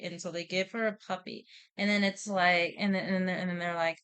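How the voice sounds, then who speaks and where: A woman's voice: mid-range voice, flat delivery, brisk, a bit bright, smooth. A woman streamer casually retelling a story, rambling with lots of repeated "and then"s, swearing and laughing often.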